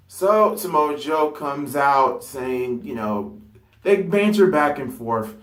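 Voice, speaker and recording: A man talking casually and excitably about a wrestling storyline, rambling with fillers and stopping to correct himself. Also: fairly high pitch, takes it slowly. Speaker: wrestling fantasy-booking vlogger. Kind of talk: casual unscripted monologue. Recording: roomy echo.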